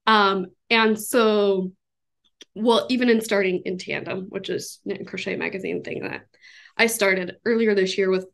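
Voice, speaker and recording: Woman, podcast host, casual interview talk, reflective, filler words, medium pitch. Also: a little slow, gravelly. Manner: thoughtful, with fillers and laughs.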